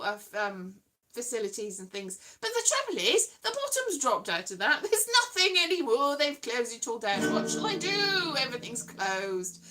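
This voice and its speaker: A woman's voice: on the high side, pushed and bright. A woman hosting a casual livestream from home, rambling and self-deprecating, now and then singing her lines. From Wales. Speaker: livestream host.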